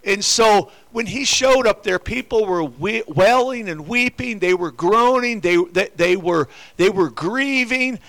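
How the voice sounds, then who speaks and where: High-voiced older male preacher. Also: animated, unhurried, creaky, hardly any pauses, fairly bright tone. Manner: repetitive, rhetorical questions to the congregation. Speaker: pastor. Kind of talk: sermon. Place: church.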